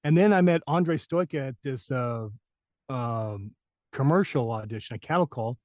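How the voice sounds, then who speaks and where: A man's voice: medium pitch, moderate pace, darkish tone, dry recording, studio quality. A man, a voice actor, chatting in an interview, rambling through stories and laughing often. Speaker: voice actor guest. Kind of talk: casual interview chat.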